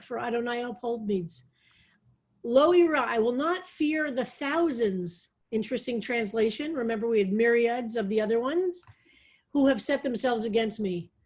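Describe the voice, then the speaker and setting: A woman rabbi leading an online psalm study, reading verses aloud slowly and explaining them with thoughtful enthusiasm. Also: on the high side, a little mellow. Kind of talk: online text study class.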